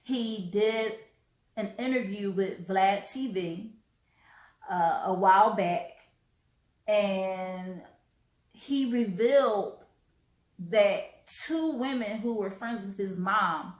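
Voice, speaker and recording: A woman hosting a live stream, talking earnestly with halting restarts and repeated words, choked up and coughing now and then. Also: mid-range voice, echoey room, rough recording. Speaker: host.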